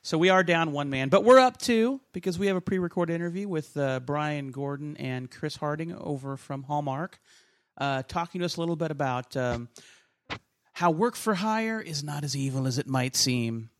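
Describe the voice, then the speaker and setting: A man hosting a podcast in casual chat, jokey and teasing, with quick banter. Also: a little high, dry recording, studio quality. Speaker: podcast host.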